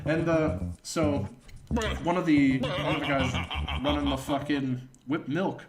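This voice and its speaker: Brief: male streamer with a slightly high voice, casual and profane, rambling storyteller. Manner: rambling and profane, pausing to thank viewers.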